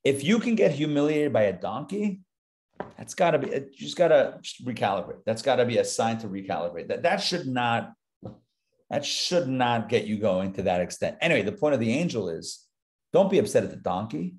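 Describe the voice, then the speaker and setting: A man's voice: medium pitch, very animated, brisk. A male rabbi teaching a live Torah class, talking conversationally and dropping joking asides as he reads the text.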